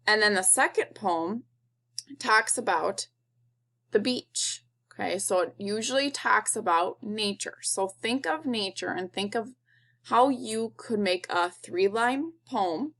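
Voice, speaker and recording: A woman teacher giving a recorded video lesson to young children, explaining in a slow, patient, kid-friendly way. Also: mid-range voice, a bit bright.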